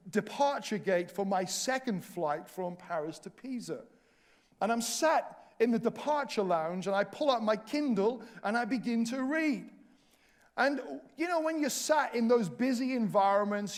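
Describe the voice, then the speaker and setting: A man preaching in a church, telling a self-mocking travel story with lively humor. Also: high-pitched. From Wales. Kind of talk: storytelling sermon. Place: church hall.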